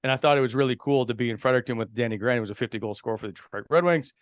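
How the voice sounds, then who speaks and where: A man from New Brunswick tells his career story as a podcast guest. He speaks at an average pitch in a relaxed, conversational way. The sound is dry and close. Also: racing, dry recording. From Canada, New Brunswick. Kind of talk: casual chat.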